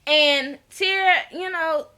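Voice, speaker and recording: A high, bright-voiced woman talking through a reality show episode in a relaxed, unhurried way. She is blunt and chatty, swears freely and slips into the voices of the people she quotes. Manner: chatty, acts out quoted dialogue, laughs often. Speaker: TV recap vlogger. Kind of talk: casual reality-show recap.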